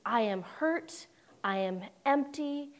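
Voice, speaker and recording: A woman's voice: sits high, animated, takes it slowly. A young woman preaching a sermon in a conversational way, with humorous asides and dramatic quoted voices.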